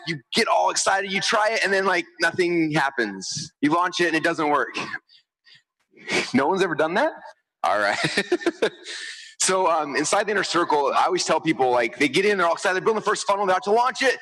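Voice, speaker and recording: Fast excitable man on stage. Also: high-pitched, low-quality recording. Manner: fast, excitable, acts out quotes. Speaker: speaker on stage. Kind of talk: energetic stage presentation. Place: large event stage.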